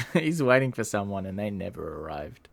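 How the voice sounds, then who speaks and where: A man's voice: on the low side, big pitch swings, moderate pace, vocal fry. A man co-hosting a podcast, recapping a film in loose casual talk full of fillers. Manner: rambling, lots of fillers and laughs. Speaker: podcast co-host. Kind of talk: casual movie review chat.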